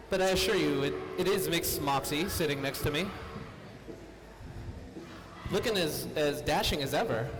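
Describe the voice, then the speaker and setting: Brief: male derby announcer, slightly high voice, quick jokes, live commentary. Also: rough recording. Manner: jokey, upbeat banter. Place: roller derby venue.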